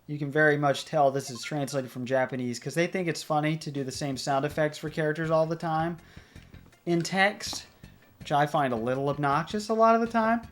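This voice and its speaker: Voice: mid-range voice, fairly quick, faint music behind. A let's play host casually commenting on a puzzle game. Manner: chatty, rambling.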